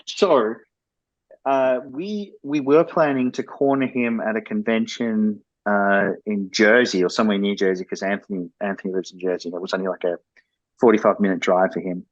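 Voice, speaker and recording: Low-voiced man, dull lo-fi audio. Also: steady tone, moderate pace, dry recording. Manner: candid, explaining at length. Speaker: game developer guest. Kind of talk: podcast interview.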